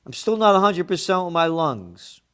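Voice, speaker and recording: A man delivers a combative commentary rant, his voice sitting a little high. He drops profane, mocking asides and hammers his points home by repeating himself, surging from mutters to loud jabs. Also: very animated, normal speed, smooth. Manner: emphatic, repeating words as he builds a point. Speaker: trends forecaster and magazine publisher. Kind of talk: ranting commentary monologue.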